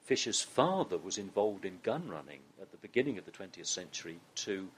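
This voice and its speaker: A man's voice: sits low, very animated, brisk, slight background noise. A man with a Southern English accent, a guest in an interview, telling a story with many restarts. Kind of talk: conversational interview.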